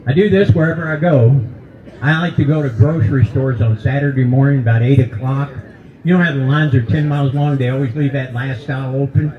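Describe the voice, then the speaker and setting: A man's voice: medium pitch, fairly quick, phone-quality sound. A man in his seventies performing a stand-up comedy set, folksy and teasing the crowd. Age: 70s. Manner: folksy, teasing the crowd, jokes about old age. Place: brewery stage with live audience.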